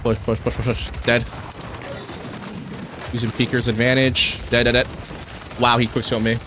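A young man streaming a shooter game, commenting live with profane, excitable and frustrated outbursts. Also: medium pitch, moderate pace, background noise. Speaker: gaming streamer.

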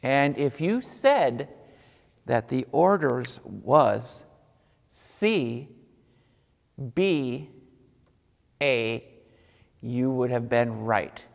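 A man's voice: medium pitch, animated, very slow, creaky, pauses often, in a large hall. A man teaching a music lesson to young children, patient and encouraging, guiding them through listening and clapping rhythms.

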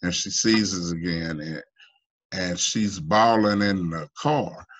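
A man from the United States giving halting, emotional personal testimony in an online town hall, full of restarts and fillers, his pitch climbing when he pleads. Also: fairly bright tone. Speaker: union member asking a guest.

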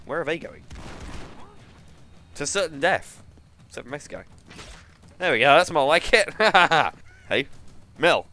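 A man with an English accent giving joking, excitable commentary while playing a video game. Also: on the high side, a little slow, long pauses, a little hiss or hum. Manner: excitable, joking, self-mocking. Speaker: gaming YouTuber. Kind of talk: let's play commentary.

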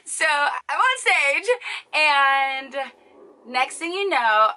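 Bright, chatty young woman vlogger. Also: high voice, extremely slow, long pauses, slight background noise, rough recording. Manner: animated, chatty, lots of fillers. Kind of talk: casual storytelling to camera.

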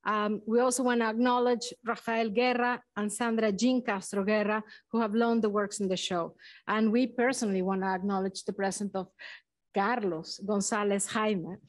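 A co-curator opens a museum exhibition in an event space, a woman speaking English as a second language. She halts often, searching for words and restarting, her voice medium in pitch and steady.

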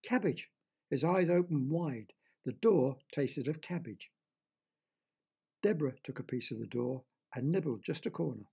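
A man narrating a children's audio story in a gentle, expressive reading manner. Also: mid-range voice, normal speed, vocal fry, breathy edge.

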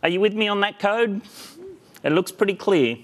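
Man, fairly high voice, playful lightning talk, crowd callbacks. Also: normal speed. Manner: playful, jokey, gets the crowd to call back. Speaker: conference speaker. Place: conference hall stage.

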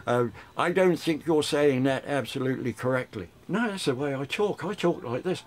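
A man's voice: medium pitch, expressive, moderate pace, few pauses, slight background noise. An older man, a radio DJ chatting through memories in an interview, rambling with frequent restarts. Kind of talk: reminiscing interview.

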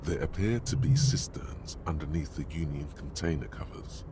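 A man narrating a video game in a hushed, ominous, descriptive way. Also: rumbling low, animated, normal speed, background noise.

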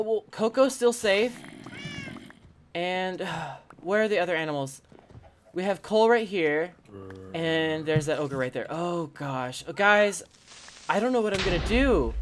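A gaming channel host giving casual let's-play commentary, theatrical and expressive, talking straight to the viewers. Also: medium pitch, unhurried, a little hiss or hum.

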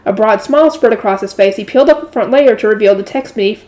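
A woman reading a light novel aloud in a steady narrating voice, adding her own asides. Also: mid-range voice, fast. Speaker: audiobook reader.

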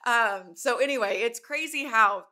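A woman in her forties hosting a podcast, chatting casually and telling animated stories, swearing now and then. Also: on the high side, a little slow. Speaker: podcast host. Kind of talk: casual chat.

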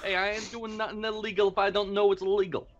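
A man voicing a brash male alien mobster in a put-on New Jersey accent, with a loud, swaggering drawl. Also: sits high, flat delivery, fast, highs cut off, a little hiss or hum, voice pushed up, natural voice.

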